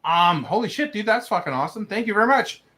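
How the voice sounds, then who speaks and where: A man's voice: high-pitched, very animated, fast, heavy background noise. A young man hosting a livestream, reading viewer stories aloud and breaking off to laugh and swear in reaction.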